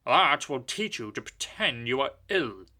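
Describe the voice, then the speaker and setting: A man's voice: medium pitch, very animated, measured pace, sharp tone, slight background noise, full character voice. A man voicing a stern male railway controller in a storybook, speaking firmly and sternly. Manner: stern, firm scolding.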